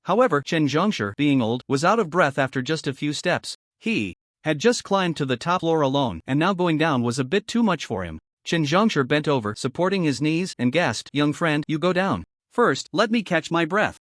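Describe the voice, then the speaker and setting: A male narrator reading a story recap with a lively, expressive delivery. His voice sits a bit high and moves up and down a lot, and the recording is close and dry with no room echo. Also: moderate pace.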